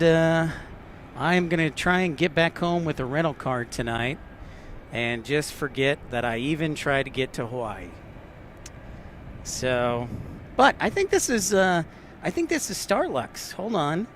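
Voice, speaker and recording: Male stream host, a touch high-voiced, unhurried and jokey, chatting to viewers outdoors with faint ambient noise. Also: animated, a bit bright. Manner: joking, reads and answers live chat. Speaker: livestream host. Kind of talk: casual live-stream chat.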